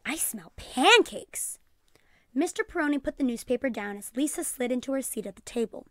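A woman teacher reading a children's book aloud, clear and expressive, calling out page numbers. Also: high voice, fast, no echo, studio quality.

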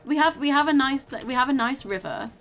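A tired, low-energy woman streaming a game and chatting casually, rambling and repeating herself as she restarts sentences. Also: a little fast, a bit bright, faint music behind. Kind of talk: casual gaming stream chat.

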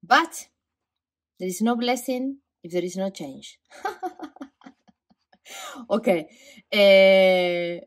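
A woman's voice: mid-range voice, extremely slow, pauses often. A young adult woman doing a pick-a-card tarot reading, effusive and emotional, with slightly non-native phrasing.

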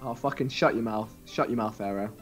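A man's voice: on the low side, soft background music. A young man bantering and teasing his friends while gaming online over a headset mic. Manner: teasing, banter, quick talk. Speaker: gamer. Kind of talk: casual chat while gaming.

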